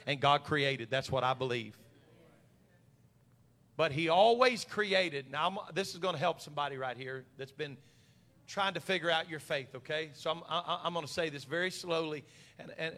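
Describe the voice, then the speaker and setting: A man preaching a sermon as pastor, building to loud shouted passages and mimicking worried church members. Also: fairly high pitch. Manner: preaching with rising intensity and crowd call-and-response.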